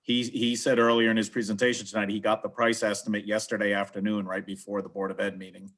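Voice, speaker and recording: A man chairing a town finance board, calmly explaining how an item got onto the agenda. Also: on the low side, quick pace. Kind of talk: public meeting discussion.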